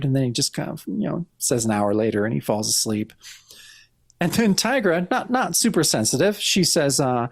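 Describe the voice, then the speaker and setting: A podcast co-host chatting through a comic, describing each panel in turn with plenty of restarts and fillers. The voice sits at a middling pitch, recorded dry and close with no room echo. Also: lively intonation, moderate pace, gravelly. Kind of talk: casual chat walking through a comic.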